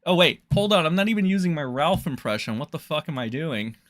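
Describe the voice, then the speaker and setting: A man's voice: a little high, expressive, brisk, a bit bright, no room sound, studio quality. A man ranting in a casual commentary, profane, scornful and rambling.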